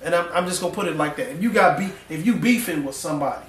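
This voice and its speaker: Preaching fast in a church sanctuary, this male pastor has a slightly high voice that lifts as his sermon gains energy. He speaks folksily, dropping slang along the way. Captured from afar, the audio echoes and carries a soft hum of the room.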